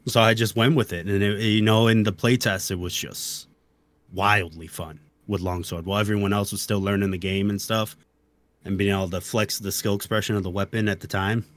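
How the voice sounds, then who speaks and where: A man's voice: lowish voice, steady tone, a little fast, a bit bright, no room sound. A young man chatting casually as an interview guest, laid-back, dropping "dude" and "you know". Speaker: interview guest, game player and video creator. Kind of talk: casual conversation.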